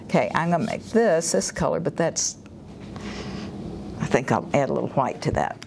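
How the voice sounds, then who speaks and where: Woman painter demoing live, southern roots, lowish voice, chatty, faint room hiss. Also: animated, moderate pace, vocal fry. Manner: chatty, enthusiastic, thinks aloud while painting. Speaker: artist giving a painting demo. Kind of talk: live painting demonstration, casual talk. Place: art studio or gallery room.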